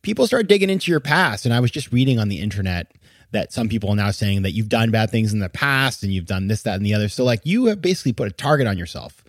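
A man's voice: fairly low pitch, sing-song, fast talker, no echo, clean studio sound. A man hosting a podcast, giving emphatic, exasperated casual commentary and laughing now and then as he talks. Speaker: podcast host.

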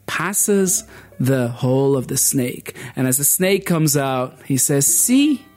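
A male storyteller tells a folk tale aloud with plenty of drama. His pitch rises and falls and he slows for effect. Soft instrumental music plays quietly underneath. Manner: expressive, swings pitch and pace for drama. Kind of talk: oral storytelling performance.

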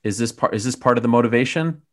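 A man asking short, probing questions at a quick clip, steering an interview and keeping the story going. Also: medium pitch.

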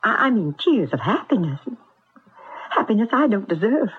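A breathy, doting old farm mother. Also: mid-range voice, sing-song, moderate pace. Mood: tender. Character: tender, doting older farm mother, quietly worried. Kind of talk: 1970s radio drama acting. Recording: tinny old radio broadcast.

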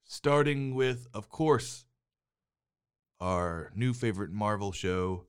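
A man's voice: fairly low pitch, animated, takes it slowly, smooth. A middle-aged man co-hosting a movie podcast with his son, chatting casually in a teasing, bossy way and laughing often. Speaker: podcast co-host, father. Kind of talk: casual chat about movies and TV. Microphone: headphones and studio mic.

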